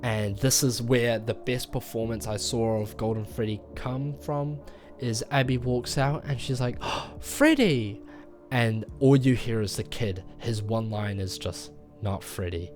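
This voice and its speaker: Man, mid-pitched, casual vlog reviewer; loose rambling delivery with fillers, acts out quotes; faint music bed. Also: steady tone, a little slow. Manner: rambling retelling with many fillers, acting out quoted lines. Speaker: movie reviewer. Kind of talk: casual spoken movie review.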